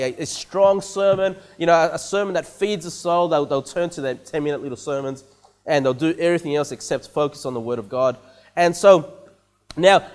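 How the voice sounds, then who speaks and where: Aussie pastor guy preaching in church, fairly high voice, lots of you know and okay?. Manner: repeats words, many "you know" and "okay?" checks with the congregation. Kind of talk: conversational sermon.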